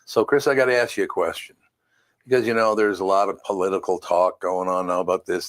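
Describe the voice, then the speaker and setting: A man's voice: sits low, steady tone, brisk. A man hosting a casual panel chat, chatty and putting questions to the others.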